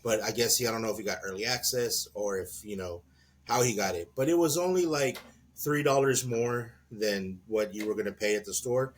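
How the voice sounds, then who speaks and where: A man co-hosting a podcast in casual chat, an animated storyteller who laughs often and acts out the people in his stories. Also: fairly low pitch, brisk, a little hiss or hum. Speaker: podcast co-host.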